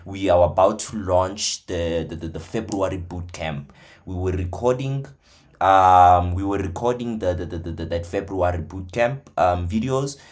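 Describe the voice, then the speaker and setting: A man with a fairly low voice talks casually about his trading days. He swings from quiet, mumbled asides to loud, excited bursts. His stories ramble along with frequent laughs. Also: normal speed. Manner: animated, swings from hushed to loud, laughs often. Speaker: trader and trading mentor. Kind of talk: casual storytelling.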